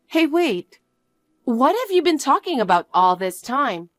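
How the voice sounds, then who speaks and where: Young woman, storyteller, outspoken, lively pitch, dry close recording. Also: a little slow, no room sound. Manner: indignant, outspoken. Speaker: storyteller, main character. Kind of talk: one-voice story narration.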